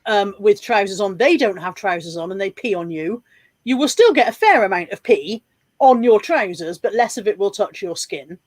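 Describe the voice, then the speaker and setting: A woman's voice: mid-range voice, normal speed, no room sound. A woman guest in a casual chat who tells stories animatedly and acts out what people said. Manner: animated storyteller acting out quoted reactions.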